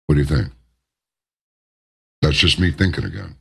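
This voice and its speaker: A man's voice: rumbling low, normal speed, vocal fry, a bit bright, slightly rough. A man hosting a talk radio show, delivering an emphatic opinion monologue and drawing out the words he stresses.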